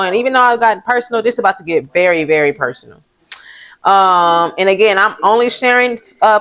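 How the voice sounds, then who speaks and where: A woman's voice: medium pitch, a bit bright, poor audio. A young woman hosts a vlog, talking candidly and casually about parenthood. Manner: candid, chatty, uses southern US vernacular, laughs often. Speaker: vlog host. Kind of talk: casual confessional chat.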